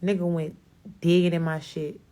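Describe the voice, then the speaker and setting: A young adult woman with a Chicago accent telling a blunt, profane, animated story in a casual storytime to camera. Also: lowish voice, moderate pace. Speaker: rapper.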